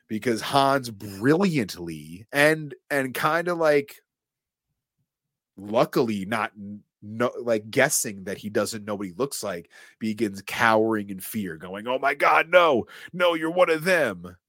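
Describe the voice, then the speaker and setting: A man's voice: fairly low pitch, dry recording. A man co-hosting a podcast, animatedly retelling a film scene by scene in casual chat and acting out the quotes. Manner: animated storyteller, acts out quotes and swears casually. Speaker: podcast co-host recapping a film.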